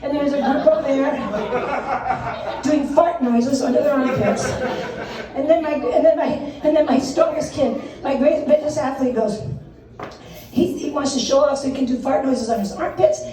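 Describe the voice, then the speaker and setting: A woman's voice: high-pitched, fairly even intonation, moderate pace, warm tone, some chatter behind. Older woman comic, self-deprecating, very echoey stage from afar. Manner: self-deprecating, laughing through her jokes. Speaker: stand-up comedian. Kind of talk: stand-up comedy set. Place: stage in a room. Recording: echoey room, mic far off.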